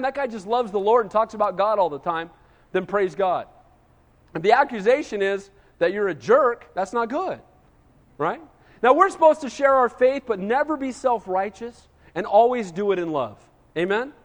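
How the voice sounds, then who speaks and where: A man's voice: high voice, big-room sound. A man preaching a sermon as pastor, emphatic and conversational, often asking his congregation "Amen?".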